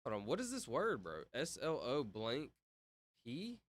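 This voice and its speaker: A man's voice: medium pitch, wildly swooping pitch, a little slow. A young man chatting casually on a livestream, reading out comments and reacting in slang. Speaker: streamer.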